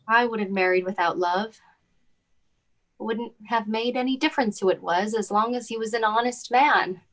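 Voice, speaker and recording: A woman acting a gentle, caring older sister who speaks in a soft, motherly and soothing way in a stage drama. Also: fairly high pitch, normal speed, lightly acted. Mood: tender advice.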